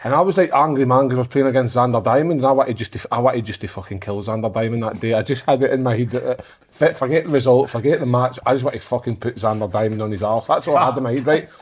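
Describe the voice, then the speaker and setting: A man's voice: medium pitch, fast, slightly rough. A man, a former footballer, telling a blunt and sweary story in a casual chat.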